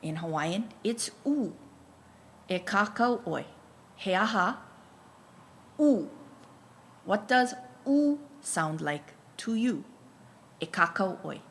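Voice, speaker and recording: Slow, gravelly-voiced woman teaching pronunciation. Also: medium pitch, animated, fairly bright tone. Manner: patient, repeats each letter and prompts learners to write. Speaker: Hawaiian language teacher. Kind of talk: slow, deliberate language lesson.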